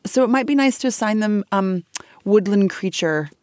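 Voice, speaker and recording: A woman co-hosting a podcast, chatting casually in an animated, giggly way with lots of filler words. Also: mid-range voice, normal speed, no room sound, clean studio sound.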